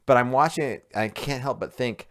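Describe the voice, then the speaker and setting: A man's voice: medium pitch, normal speed, a bit bright, a little hiss or hum. A man co-hosting a podcast in casual chat, joking and teasing his friend. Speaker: podcast co-host.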